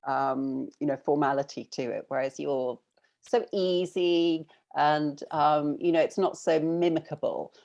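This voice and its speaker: A middle-aged woman with a British accent, chatting casually as a novelist guest in an interview, thoughtful and quick to laugh. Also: deep voice, steady tone, creaky, darkish tone. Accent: British English.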